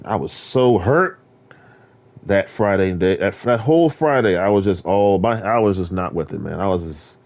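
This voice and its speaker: A man streaming, talking in a rambling rant that swings between loud outbursts and low muttering. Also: animated, moderate pace.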